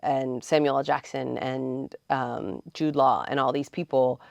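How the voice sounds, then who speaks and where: A woman film commissioner telling lively anecdotes in an interview, quoting people as she goes. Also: very deep voice, unhurried, gravelly, no echo. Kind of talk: storytelling in an interview.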